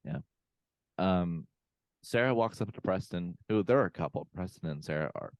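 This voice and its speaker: A deep-voiced man co-hosting a podcast recaps a movie in a casual chat, speaking expressively at normal speed. His rambling recap is full of fillers and quoted lines, recorded over a remote call from a room at home with no room sound.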